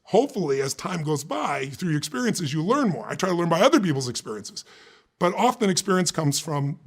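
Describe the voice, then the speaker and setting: A man from the United States, telling an anecdote in an emphatic, lively way during an interview, acting out the dialogue he quotes. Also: a little high, brisk, gravelly. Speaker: guest, business speaker. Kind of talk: animated storytelling in conversation.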